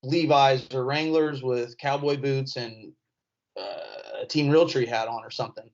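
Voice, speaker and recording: A comedian from rural Indiana, appearing as a podcast guest, tells stories in a laid-back, rambling, self-mocking way with a mid-range, slightly slow male voice and a rural Indiana accent. It's casual storytelling chat, and the podcast audio sounds a bit dull.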